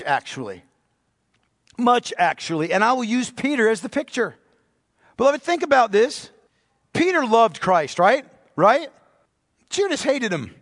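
A pastor preaches with fervent repetition, his voice pitched notably high. He presses each point home and calls out to his listeners. The sound rings with the long reverb of a church sanctuary. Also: a bit bright. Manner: impassioned, repetitive preaching, calls congregation "beloved". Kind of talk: sermon.

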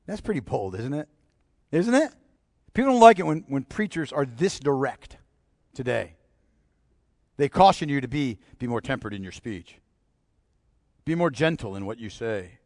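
A man's voice: mid-range voice, sing-song, moderate pace, pauses often, darkish tone, dry recording, clean studio sound. A man preaching a sermon, bold and emphatic, driving points home with repeated rhetorical questions.

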